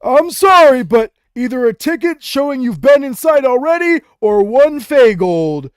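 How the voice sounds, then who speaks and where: A man voicing a hard-of-hearing old goblin gatekeeper who shouts in a high old voice. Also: animated, a little slow, smooth, dry recording, studio quality. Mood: shouting.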